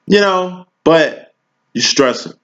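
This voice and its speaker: This man's voice sits high, with lively intonation, a slow pace and a fairly bright tone. He's a tarot reader doing a casual reading, preaching in slang and constantly checking in with "you know what I'm saying." The recording is dull and lo-fi.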